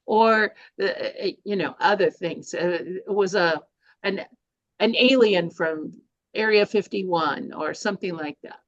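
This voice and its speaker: A woman's voice: medium pitch, measured pace, no echo. An older woman presenting a speaking workshop, talking in an informal, chatty way with fillers and restarts. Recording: dry, slightly dull recording.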